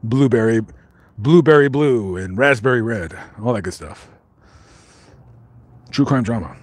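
A man talking on a live stream as he walks around, his voice at an ordinary middle pitch. He rambles through viewers' comments in loose, unpolished bursts, trailing off and restarting often. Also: animated, a little slow, no echo. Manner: rambling, many fillers and restarts; talking while walking around. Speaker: vlogger reading live chat. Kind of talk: casual live stream chat.

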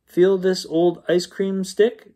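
A man voicing an earnest little boy in a storybook read-aloud, speaking slowly and carefully. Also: high-pitched, level tone, warm tone, pitched above the performer's own voice.

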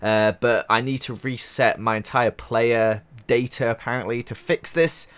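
A young man talks through his game play in a middle-pitched voice. He sounds excitable, breaking into loud exclamations and strings of repeated words whenever something catches him off guard. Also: a little slow, smooth. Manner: excitable, exclaiming and repeating himself when surprised. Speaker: gaming YouTuber. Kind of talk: Minecraft let's-play commentary.

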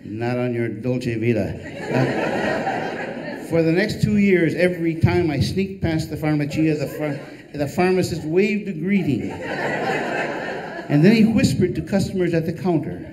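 An older man, an author, reading a humorous memoir aloud with a dry, wry delivery and deadpan punchlines. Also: fairly high pitch, unhurried, noisy background.

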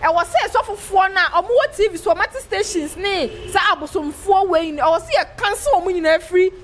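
A woman's voice: extremely high pitch, brisk, a little hiss or hum. A woman, a church member giving a street interview, who talks emphatically and keeps repeating her key phrases.

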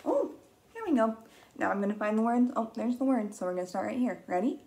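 A woman reading a picture book aloud to young children as their teacher, gentle and patient, counting along and gasping with wonder. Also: fairly high pitch, lively intonation, fast, gravelly, poor audio. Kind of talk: slow read-aloud lesson for young children.

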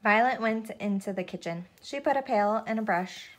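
A woman reading a children's picture book aloud at home, as if to a child sitting beside her. Her storytime delivery is gentle and unhurried, with the odd slip and self-correction. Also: mid-range voice, a little hiss or hum.

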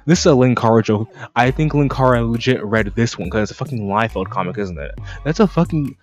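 A man's voice: medium pitch, animated, fast talker, few pauses, darkish tone, muffled recording, faint music behind. A young man streaming casual reactions to comics, sarcastic and rambling, swearing often. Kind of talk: casual profane reaction commentary.

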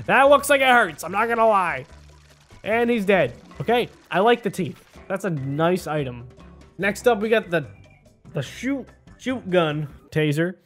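A man doing casual gameplay commentary, chatty and excitable, often talking to the character on screen. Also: extremely high pitch, gravelly. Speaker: gaming video host. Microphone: desk microphone.

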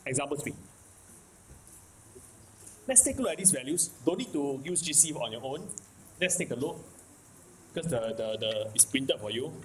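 A math teacher with a Singaporean English accent lectures his class, repeating key points and checking in often with "okay? can?". His medium-pitched voice is expressive and moves at a normal speed with long pauses. The background is noisy.

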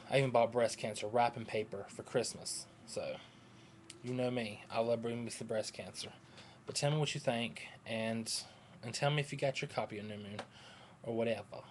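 A man's voice: on the low side, slight background noise. Hyper, sleepy man rambling on webcam. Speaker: vlogger. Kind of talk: rambling casual webcam chat.

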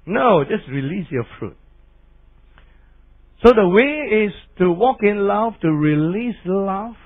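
Man, pastor, middle-aged, animated sermon, fairly high voice, tinny lo-fi recording. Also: takes it slowly. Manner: animated preaching with barking imitations. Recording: tinny phone-like lo-fi sound.

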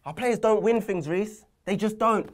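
Man, fan channel co-host, casual banter, bursts of comic shouted ranting. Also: sits high, moderate pace. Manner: mock-outraged rants, loud and theatrical. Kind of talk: casual chat.

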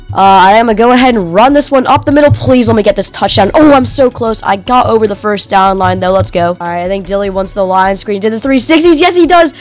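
A woman giving casual, excitable gameplay commentary, cheering and shouting at plays with a slightly strained voice. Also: mid-range voice. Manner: casual slang. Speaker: gaming channel host.

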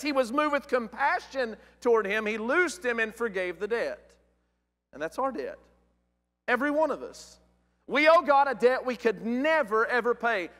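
Male preacher, high and bright, emphatic sermon delivery. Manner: questioning, emphatic, reads scripture aloud. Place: church sanctuary. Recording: church hall with long reverb.

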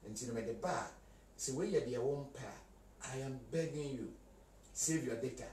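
A man's voice: medium pitch, moderate pace, darkish tone, far from the mic, slight background noise. A man hosting a casual chat, speaking in a mix of Twi and English. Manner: conversational, mixes Twi and English. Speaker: host. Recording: echoey room, voice from off-mic.

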